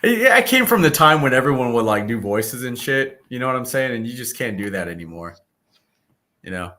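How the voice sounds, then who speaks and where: A man's voice: mid-range voice, big pitch swings, fairly quick, sharp tone. A middle-aged man hosting a podcast, chatting loosely and telling stories with profanity. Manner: laughing, loose storytelling with profanity. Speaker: podcast host. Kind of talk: casual chat.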